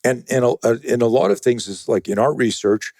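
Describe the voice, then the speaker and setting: A man being interviewed as a self-defense trainer, telling animated, profane stories and acting out other people's voices. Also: mid-range voice, normal speed, gravelly, dry recording, clean studio sound. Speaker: guest, self-defense and fear-management trainer. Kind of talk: conversational storytelling in a podcast interview.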